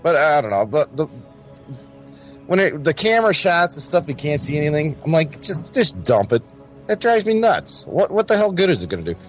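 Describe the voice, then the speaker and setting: A man's voice: fairly high pitch, big pitch swings, a little fast, faint music behind. A man co-hosting a casual radio talk show, rambling and exasperated. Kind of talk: casual chat.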